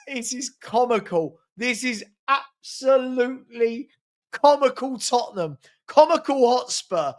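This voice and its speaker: A man's voice: very high voice, a little slow. A man from hosting a live fan watchalong, calling a match with sarcastic exasperation and rueful laughter.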